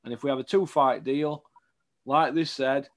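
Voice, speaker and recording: A man's voice: medium pitch, steady tone, moderate pace. A man giving blunt, outspoken opinions as a boxing pundit in a casual interview, often tagging on questions like "isn't it?".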